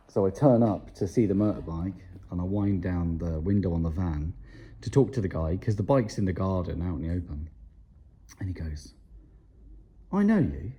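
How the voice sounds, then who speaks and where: A man's voice: sits low, mellow, slightly rough. A man, a motorcycle mechanic, talking through a project bike in a casual workshop vlog with a wry, self-deprecating manner. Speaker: motorcycle mechanic and video maker.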